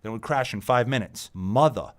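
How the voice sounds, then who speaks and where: A man's voice: medium pitch, fairly quick. Weary, swearing man on a tech rant. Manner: exasperated, swears often, trails off and repeats himself. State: tired. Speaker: channel host ranting. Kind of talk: profane tech rant monologue.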